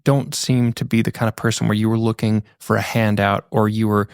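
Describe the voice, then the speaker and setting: Reflective male podcast host, gravelly. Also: on the low side, flat delivery, brisk, darkish tone, dry recording, studio quality. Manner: reflective, sums up and affirms the guest. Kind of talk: conversational interviewing.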